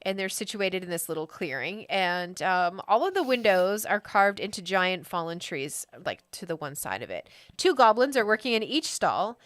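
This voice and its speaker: Woman game master, chatty, lots of ums, bright tone, very dry close sound. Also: fairly low pitch, big pitch swings, moderate pace, hardly any pauses, no room sound. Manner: chatty, laughing often, with many fillers. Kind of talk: narrating a tabletop game.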